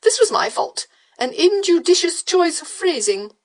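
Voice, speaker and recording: A woman doing a Regency dandy, affected and high. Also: very animated, unhurried, exaggerated voice. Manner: affected, exclaiming. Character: foppish fashionable gentleman, theatrical. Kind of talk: audiobook character voice.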